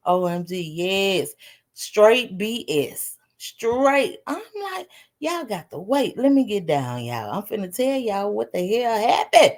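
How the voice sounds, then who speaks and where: An older woman, telling a story on a casual live stream, animated and laughing often. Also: mid-range voice, takes it slowly. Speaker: vlogger.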